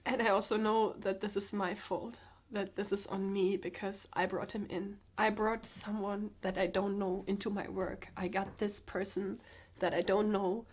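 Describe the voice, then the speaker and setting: A woman's voice: mid-range voice, level tone, normal speed, darkish tone, slightly rough. A young woman from Germany with a German accent, speaking in an earnest, hesitant way, with fillers and restarts, in a personal confessional vlog. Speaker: vlogger.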